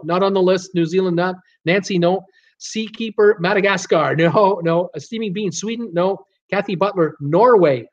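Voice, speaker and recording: A man's voice: high-pitched, highs cut off. A man from Canada hosting a casual live-stream trivia game, reading out viewer guesses and joking between them. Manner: reads viewer guesses aloud, chatty and joking.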